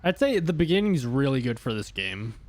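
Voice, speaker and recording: A man's voice: mid-range voice, big pitch swings, brisk, vocal fry, background noise. A young man chatting casually on a gaming live stream, rambling with lots of "like" and "um" and laughing often.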